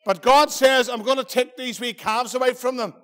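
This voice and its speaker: A man's voice: extremely high pitch, fairly even intonation, normal speed, a bit bright, long reverb tail. A man with a Northern Irish accent, a preacher giving a playful children's talk in a church service, telling stories and asking the children questions. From Northern Ireland. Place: church hall.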